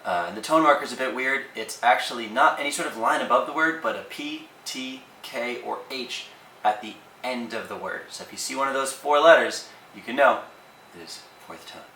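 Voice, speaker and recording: A man teaching language tones in a casual, relaxed lesson, with plenty of ums and uhs. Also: mid-range voice, moderate pace, echoey room, distant mic, a little hiss or hum, low-quality recording.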